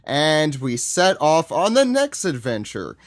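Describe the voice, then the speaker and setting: A man's voice: fairly high pitch, wildly swooping pitch, slow, no room sound, studio quality. A man co-hosting a podcast, chatting casually and joking while loosely recapping a manga chapter. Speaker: podcast co-host.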